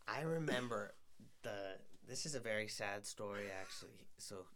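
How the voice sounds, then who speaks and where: A man's voice: fairly low pitch, lively intonation, normal speed, a bit bright, a little hiss or hum. A young man from Canada hosts a casual chat. He rambles through stories with plenty of fillers and self-deprecating humour. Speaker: podcast host.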